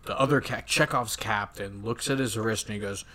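A man casually retelling a film with lots of swearing and animated asides. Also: on the low side. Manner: profane, animated retelling with quick voiced asides. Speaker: podcast co-host recapping a film. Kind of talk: casual chat.

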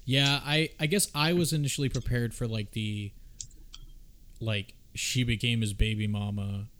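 A man hosting a casual film discussion podcast, talking in an animated, profane way. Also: mid-range voice, normal speed. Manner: animated, profane, acts out the characters' lines. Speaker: podcast host.

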